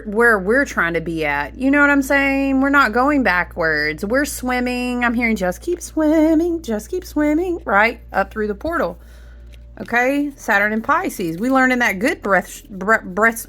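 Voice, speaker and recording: A woman's voice: fairly high pitch, a bit bright. A woman giving a casual spiritual tarot reading to her viewers. She talks in a chatty, rambling way, with lots of fillers and asides to "y'all". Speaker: tarot reader.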